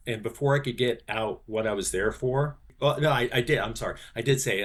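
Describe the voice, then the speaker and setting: A man's voice: medium pitch, a little fast, hardly any pauses. Older man telling stories, many restarts. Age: 60s. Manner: animated storyteller, many fillers and restarts. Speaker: guest, sports business executive. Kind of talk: podcast interview, anecdote telling.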